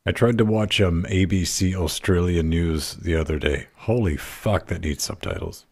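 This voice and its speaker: A man cracks blunt, dry remarks during a casual podcast chat. His voice is very low and gravelly, with a husky, rough edge to it. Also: lively intonation, normal speed.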